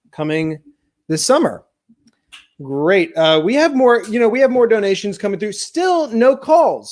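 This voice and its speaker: Man, high-pitched, rambling, hesitant, deadpan, comedy telethon host. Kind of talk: improvised comedy banter.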